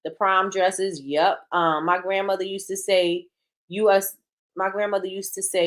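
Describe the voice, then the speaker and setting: A woman show host speaks bluntly in an ordinary mid-range pitch, with fairly even intonation and a moderate pace. Casual, frank and direct, she reacts to live chat comments as they come and emphatically repeats phrases to hammer her points home.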